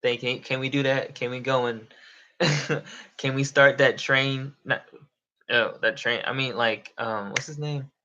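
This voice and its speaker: A man's voice: mid-range voice, fairly even intonation, measured pace, bright, forceful tone, lo-fi sound. A young man chatting casually on a live stream, rambling and swearing, often laughing. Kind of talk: casual livestream chat.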